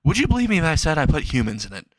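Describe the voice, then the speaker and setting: A man's voice: on the high side, sing-song, rapid-fire, dry recording, pitched above the performer's own voice. A man voicing a grinning, creepy demonic teenage boy who talks in a cheery, unnerving, emphatic way. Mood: sly.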